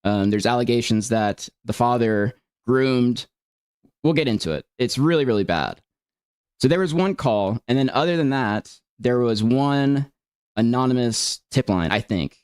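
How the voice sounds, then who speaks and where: A man's voice: medium pitch, lively intonation, a little slow, a little mellow, clean tone, dry recording. A man talks through his side of things in casual, rambling sentences that often restart. His voice moves around a lot, and the sound is dry and close to the mic. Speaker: streamer responding to allegations. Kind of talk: casual explanatory talk.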